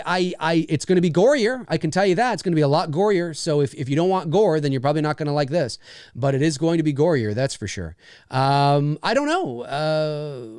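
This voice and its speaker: A man hosting a casual live-stream Q&A, talking in a slightly raised pitch that moves up and down a lot. He rambles and explains at length, restarting his sentences often. The sound is close and dry. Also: a little mellow, smooth, dry recording. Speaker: host and voice actor.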